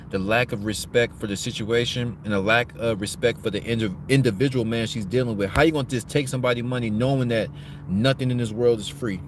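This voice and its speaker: Dude ranting on his podcast, blunt, swears a lot, preachy, regular pitch, bit of background hiss. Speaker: commentary podcast host. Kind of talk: opinionated commentary rant.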